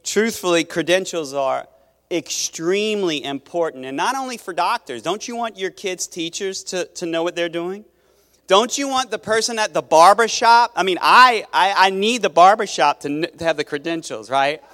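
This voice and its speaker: A man's voice: sits high, moderate pace, a bit bright. A man preaching a sermon as pastor, in a conversational way that restarts phrases and questions his listeners. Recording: long reverb of a large hall.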